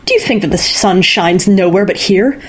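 A woman voicing a stern, insistent mother who scolds her daughter, in a husky voice. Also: medium pitch, expressive, moderate pace. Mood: scolding. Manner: scolding, commanding.

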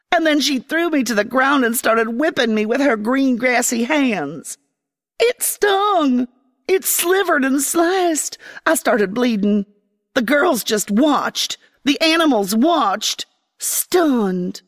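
A woman narrating a first-person fantasy story in an expressive, dramatic way. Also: high voice, slow, in a large hall. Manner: expressive, dramatic, voicing a young girl.

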